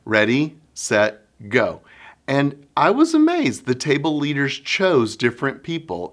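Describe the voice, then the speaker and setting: A middle-aged man, a children's minister giving a conference workshop talk, folksy and animated as he acts out scenes. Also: mid-range voice, measured pace. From Oklahoma, US. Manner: folksy sayings.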